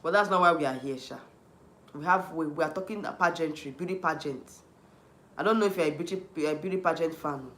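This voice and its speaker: Heated Nigerian man, bright high voice. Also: a little fast, reverberant. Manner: heated, repetitive, restarts often, answers chat. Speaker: YouTube livestream host. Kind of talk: ranting livestream commentary.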